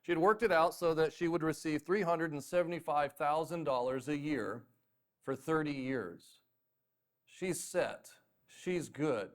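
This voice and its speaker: A man from North Carolina preaching a sermon as pastor, telling stories in a self-deprecating, animated way. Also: fairly high pitch, moderate pace. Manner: storytelling, self-deprecating, animated with mock voices.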